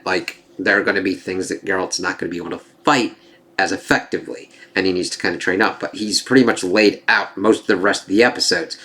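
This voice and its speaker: A man giving a casual spoken review of a TV series, rambling and excitable, swearing freely as he goes. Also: lowish voice. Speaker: TV show reviewer.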